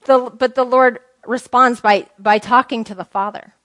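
A woman's voice: on the high side, brisk, fairly bright tone, no echo. A woman teaching the Bible to a small group in a conversational way, asking them questions and reading scripture aloud.

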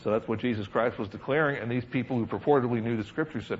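A man preaching a Bible study in a middle, ordinary pitch, reading verses and then breaking into animated comments with frequent chuckles. The recording sounds dull and lo-fi, with faint noise behind him. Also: fast talker, hardly any pauses. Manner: lively, laughing asides, reads scripture then comments.

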